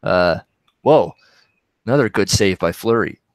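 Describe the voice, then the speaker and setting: A Canadian man with a somewhat low voice rambles casually through viewer questions on a livestream. He breaks off mid-thought to react to the game he is watching. The sound is close and dry. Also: lively intonation, unhurried, dry recording. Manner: rambling, reacting live to games. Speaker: sports betting show host.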